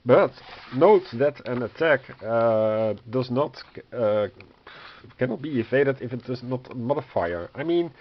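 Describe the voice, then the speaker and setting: A man's voice: mid-range voice, expressive, measured pace. A man losing his voice who coughs often, thinking aloud as he reads through a rulebook, hesitant and full of fillers, wryly exasperated. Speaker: board game reviewer. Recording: dull lo-fi sound with faint noise.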